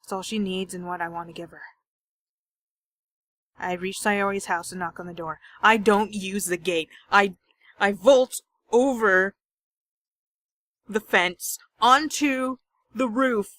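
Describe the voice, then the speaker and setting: A woman's voice: medium pitch, bright, forceful tone, no room sound. A young woman reading a visual novel aloud as a game streamer, with dramatic, jokey and panicky reactions.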